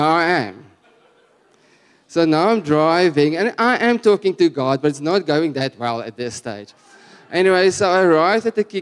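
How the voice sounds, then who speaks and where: A man's voice: fairly high pitch, clear, resonant tone. South African man preaching in a reverberant church. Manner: conversational, animated storytelling with frequent restarts. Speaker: guest preacher. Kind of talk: sermon with personal story. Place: church hall. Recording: long church hall reverb.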